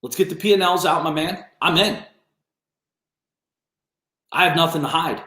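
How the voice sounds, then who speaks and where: A man's voice: fairly high pitch, normal speed, bright, forceful tone. A man hosting a business coaching livestream, ranting bluntly and confrontationally with lots of swearing. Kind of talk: livestream rant. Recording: roomy echo.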